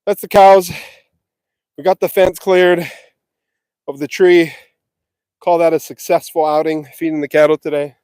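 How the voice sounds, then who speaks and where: A man with a somewhat high, slightly mellow voice talks a little slowly and pauses often, poking fun at himself while he works on a windy farm. He's out of breath and sweaty, livestreaming a casual vlog from a phone he holds or carries. The sound is studio quality with no echo.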